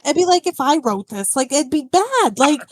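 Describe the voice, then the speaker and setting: A woman in casual podcast chat, blunt and halting and leaning heavily on filler. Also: sits high, sing-song, dry recording, clean studio sound.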